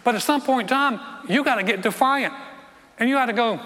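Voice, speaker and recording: A man preaches a sermon with a strained voice that sits high in his range. He speaks emphatically, repeats words and drops into quiet, intense stretches. His bright tone carries a long hall reverb. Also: fairly quick.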